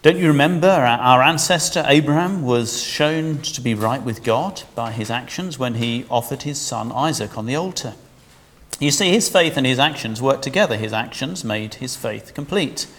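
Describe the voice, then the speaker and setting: A man preaching a sermon in a lively, conversational way, asking his listeners questions. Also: mid-range voice, moderate pace, big-room sound.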